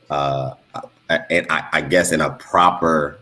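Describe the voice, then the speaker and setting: A man's voice: a bass voice, steady tone, takes it slowly, pushed and bright. A man from Los Angeles on a podcast, asking questions hesitantly, with fillers and restarts. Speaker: podcast co-host. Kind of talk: casual discussion.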